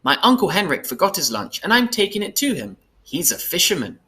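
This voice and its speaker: A man voicing a chattering young girl who is bold but frightened, speaking high and quick. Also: big pitch swings, sharp tone, exaggerated voice. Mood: chatty.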